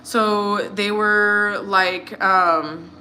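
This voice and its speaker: A woman's voice: medium pitch, steady tone, very slow, bright, forceful tone, a little hiss or hum. An American woman in her thirties, chatting casually while cooking, rambling with lots of fillers. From United States. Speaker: vlogger.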